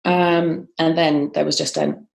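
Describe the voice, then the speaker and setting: A woman's voice: deep voice, level tone, a little slow, vocal fry. A woman telling a personal story in an interview, with frequent ums and restarts. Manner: frequent ums and restarts, quoting others as she tells it. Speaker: guest.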